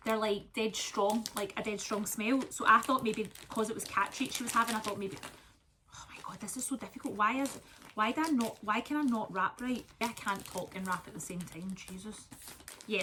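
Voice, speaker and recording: A woman's voice: mid-range voice, bright, forceful tone, a little hiss or hum. A Scottish woman vlogging at home, telling a long rambling story in casual chat while wrapping gifts. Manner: chatty, rambling storytelling with asides.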